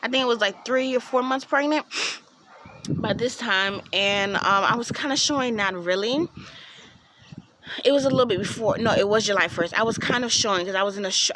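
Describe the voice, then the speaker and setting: A woman's voice: medium pitch, moderate pace, noisy background. A young woman vlogger telling a personal story in a chatty way, acting out what people said with lots of "like" and "um.". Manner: chatty, acts out quoted voices, frequent "like" and "um". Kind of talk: casual storytime vlog.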